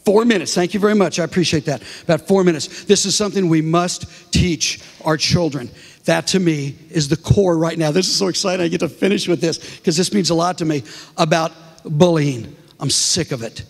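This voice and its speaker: A middle-aged comedian speaking to a congregation, telling humorous stories with many restarts. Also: male voice, a little high, fairly quick, creaky. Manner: animated storytelling with many restarts. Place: large church hall. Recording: reverberant hall.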